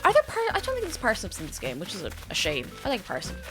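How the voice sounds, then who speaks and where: Gushing woman with lively pitch. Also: fast talker, over music. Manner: gushing, drops into excited whispers. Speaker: streamer. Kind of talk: casual game-stream commentary.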